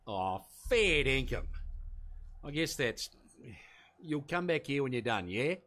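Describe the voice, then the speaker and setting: An actor playing an easygoing, slow-witted security guard with an Australian accent, rambling and hesitant in video game dialogue. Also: male voice, mid-range voice, big pitch swings, fairly bright tone. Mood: flustered. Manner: rambling, hesitant, full of slang.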